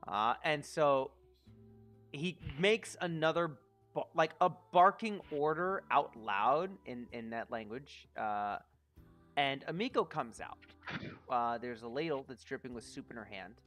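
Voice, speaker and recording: Bright-voiced man running a tabletop game. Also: medium pitch, a little slow, faint music behind. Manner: hesitant narration with frequent ums. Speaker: game master.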